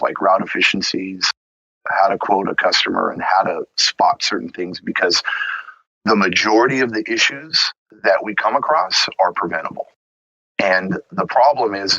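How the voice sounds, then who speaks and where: Husky, bright-toned male podcast host. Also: low-pitched, dry recording. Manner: candid, rambling, self-reflective. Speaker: podcast host, pool service owner. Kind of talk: casual podcast chat. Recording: dull lo-fi podcast audio.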